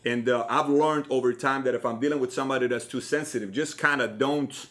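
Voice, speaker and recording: A man's voice: mid-range voice, brisk. Iranian-accented man talking straight to viewers. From Iran. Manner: direct, questioning the viewer, animated storytelling. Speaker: host. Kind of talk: motivational talk to camera.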